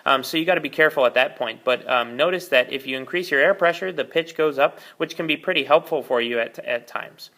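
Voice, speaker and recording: Bright-voiced man teaching the oboe. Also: fairly high pitch, fairly quick, few pauses. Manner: patient, explanatory, frequent fillers. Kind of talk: step-by-step music lesson. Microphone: camera mic, repositioned during video.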